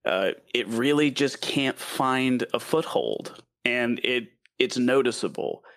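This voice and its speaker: A man with a Southern US accent talking through a film in a casual review chat, lively and quick to laugh. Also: mid-range voice, no room sound. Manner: animated, laughs often, stumbles over names.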